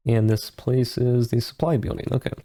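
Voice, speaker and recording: A man's voice: mid-range voice, fairly even intonation, moderate pace, dark tone. A man giving casual, rambling commentary while playing a game, with frequent hesitations and restarts. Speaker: let's play host.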